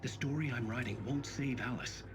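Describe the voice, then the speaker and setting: A man's voice: a little fast, crowd noise, close to an everyday voice. A man voicing a brooding doomed writer. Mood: grim. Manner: grave, low-key, dread-filled. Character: brooding male writer narrating his grim fate. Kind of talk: game voice acting, inner narration.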